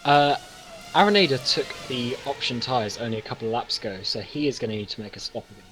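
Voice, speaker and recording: A man's voice: medium pitch, quick pace, fairly bright tone, slight background noise. Hesitant male race co-commentator. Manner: hesitant, many ums and uhs. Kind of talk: live sim racing commentary.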